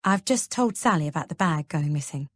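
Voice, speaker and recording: Woman doing a soft worried husband, hesitant, lowish voice, dry close read. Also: expressive, fairly quick, breathy edge, no echo. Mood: earnest. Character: gentle worried husband, young father. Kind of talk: audiobook character reading.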